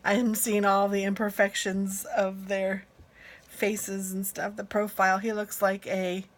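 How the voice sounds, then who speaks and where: A woman's voice: medium pitch, flat delivery, a little slow. A middle-aged woman vlogging casually from her car as she drives, chatty, flustered and self-deprecating, talking into a phone on a gooseneck holder. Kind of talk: casual driving vlog. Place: inside a car while driving. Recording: car noise behind her.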